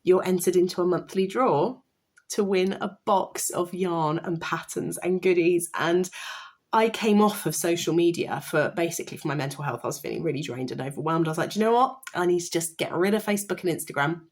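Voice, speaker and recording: A woman vlogging about knitting, talking in a rambling, chatty way and gushing with excitement, sounding tired. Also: on the low side, brisk. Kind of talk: casual chatty vlog.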